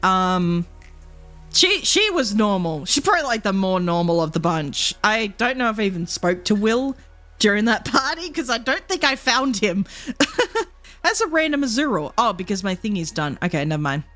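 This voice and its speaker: A woman's voice: mid-range voice, sing-song, moderate pace, fairly bright tone, faint music behind. A woman streamer chatting casually, laughing often, swearing, and mimicking characters as she tells stories. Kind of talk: casual live-stream chat.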